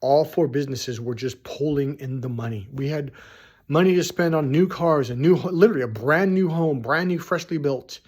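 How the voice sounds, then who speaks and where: A man's voice: fairly high pitch, moderate pace, darkish tone, breathy edge. A middle-aged man, a dating coach, telling a rambling, emphatic story to his viewers. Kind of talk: storytelling monologue.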